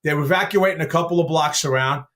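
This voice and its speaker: A man hosting a podcast, telling stories in a lively casual way and asking questions. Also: a little high, fast talker. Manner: animated storyteller with chuckles and asides. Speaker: podcast host. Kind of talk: casual chat.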